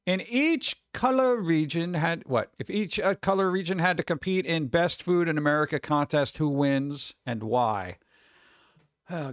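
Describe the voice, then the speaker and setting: A streamer host with a fairly high voice chats casually, reacting to viewer messages with jokes and animated mock rants. His delivery is loose and conversational, captured close and dry on a desk mic with no room sound.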